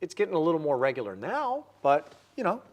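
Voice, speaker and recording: A man's voice: on the high side, huge pitch swings, fast. A man in his forties hosting a livestream, painting while chatting upbeat and answering viewer comments.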